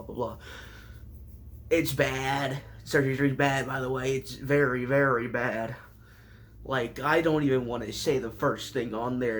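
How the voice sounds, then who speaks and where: A man's voice: medium pitch, fairly bright tone. A man casually recapping a show with sarcastic, rambling asides and mock surprise. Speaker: show reviewer.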